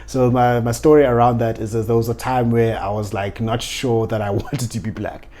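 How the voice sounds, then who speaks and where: A young South African man hosts a relaxed podcast chat. He tells stories with plenty of energy, laughing often and restarting his sentences, in an everyday middle-pitched voice. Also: moderate pace. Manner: animated storyteller, laughs often, many restarts. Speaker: podcast host. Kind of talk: casual interview chat.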